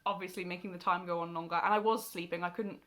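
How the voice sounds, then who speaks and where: A young adult woman speaking candidly to camera in a personal vlog, emotionally expressive and willing to laugh at hard memories. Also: lowish voice, quick pace. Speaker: vlogger. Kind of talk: personal confessional talk to camera.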